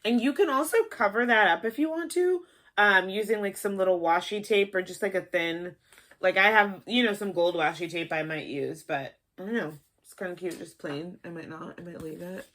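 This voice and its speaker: A young woman from the Midwest, her voice sitting a bit low, walks through a craft project in a loose, playful ramble. She is a little high, and her talk drifts with fillers and asides. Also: moderate pace, fairly bright tone. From American Midwest. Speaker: craft tutorial host. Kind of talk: casual how-to demonstration.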